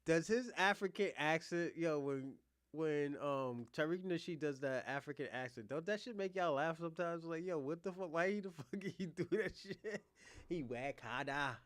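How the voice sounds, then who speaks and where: A man in casual, profane chat, teasing a friend with excitable, playful banter. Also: on the high side, normal speed, few pauses, smooth, dry recording.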